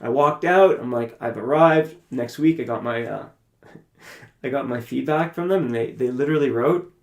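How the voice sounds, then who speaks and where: A man from Canada, a podcast guest, telling a personal story in an animated way and acting out his own past conversations. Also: medium pitch, moderate pace. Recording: roomy echoey room.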